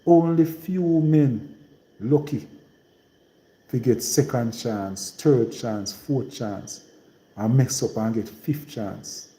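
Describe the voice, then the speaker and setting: Jamaican man, rural Trelawny patois accent, very dark mellow tone, rambling live-stream host. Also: mid-range voice, slow pace, echoey room, rough recording. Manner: rambling and repetitive, in heavy patois. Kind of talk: casual live-stream monologue.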